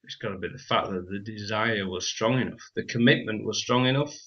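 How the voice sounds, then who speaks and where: Bloke rambling thru business chat, muffled lo-fi sound. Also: male voice, on the low side, brisk, fairly bright tone. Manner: rambling, repeats words, laughs often. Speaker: podcast co-host. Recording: slightly dull lo-fi sound.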